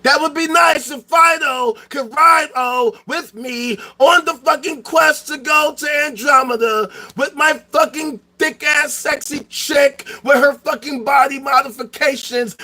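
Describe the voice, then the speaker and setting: High, bright-voiced profane ranting man. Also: a little slow, few pauses. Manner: profane, excitable, breaks into shouting. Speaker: podcast host. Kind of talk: solo philosophical rant.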